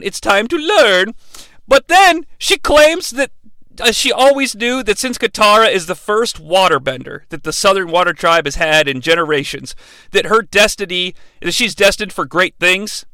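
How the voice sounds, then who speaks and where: A man's voice: high voice, pushed and bright, smooth, no echo. A man hosting a comedic bad-movie podcast, rambling and sarcastic with lots of swearing.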